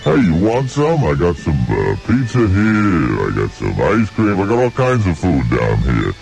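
A man's voice: low-pitched, huge pitch swings, unhurried, darkish tone, soft background music, voice pushed down, exaggerated voice. A man voicing a gluttonous male monster under the bed, greedy and demanding, in a radio comedy sketch. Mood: taunting. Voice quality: gravelly. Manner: demanding, greedy, smacking over food.

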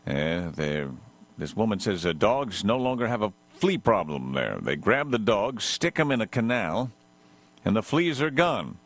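A man's voice: on the low side, very animated, measured pace. A man hosting a comic radio show, rambling and ranting in jokes and talking to his dog. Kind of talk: comic radio talk with a sung parody.

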